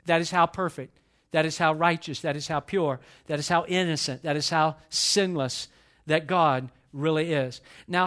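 A man preaching a sermon at a church service, building through repeated phrases, then dropping to a hush. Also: a little high. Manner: impassioned, repetitive preaching with sudden swells and hushed drops. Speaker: pastor.

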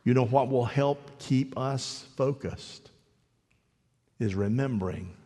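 A man preaching a sermon as pastor, telling a story with halting restarts and acting out a child's voice. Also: medium pitch, warm tone, in a large hall. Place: church.

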